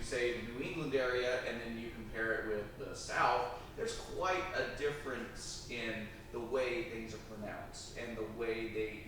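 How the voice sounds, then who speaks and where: A man moderating a panel, asking thoughtful, hesitant questions. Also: mid-range voice. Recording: echoey, distant, noisy festival recording.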